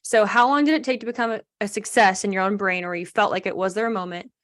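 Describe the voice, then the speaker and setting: A woman's voice: medium pitch, fast talker. A woman hosting a podcast who affirms her guest and asks long questions in several parts. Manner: warm affirming, rambling multi-part questions. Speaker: podcast host. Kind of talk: interview questions.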